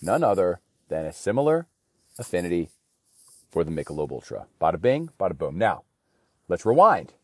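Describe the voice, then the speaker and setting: Man, low voice, rambling casual monologue, slangy, dry studio sound. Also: very animated, normal speed, long pauses, slightly rough, no room sound. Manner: rambling, slangy, says bro a lot.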